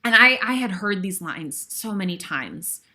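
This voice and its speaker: A woman's voice: mid-range voice, lively intonation, a little slow, bright, forceful tone. A woman in her thirties, a guest host, telling a stage story with lots of emotion and some sighs. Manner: emotional, breathless retelling with sighs. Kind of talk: animated storytelling.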